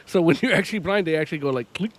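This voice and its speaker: Male podcast co-host, slightly high pitch, loose and profane, laughs mid-sentence. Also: expressive. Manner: rambling, profane, laughs often, does quick impressions. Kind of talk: casual chat.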